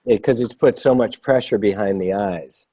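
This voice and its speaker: A man's voice: fairly low pitch, normal speed, warm tone, no echo. A man chatting casually as a guest composer, rambling and self-deprecating with enthusiasm. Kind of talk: casual live chat.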